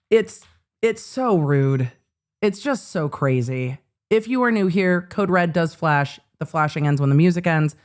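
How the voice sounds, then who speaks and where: A woman hosting a live trial-commentary stream, blunt and sarcastic, swearing freely. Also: low voice. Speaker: legal commentator host.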